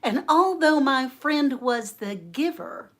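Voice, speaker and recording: A woman hosting a homestead livestream, telling a story in a folksy, animated way. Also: high-pitched. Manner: slow, folksy, animated storyteller who laughs often. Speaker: homestead channel host.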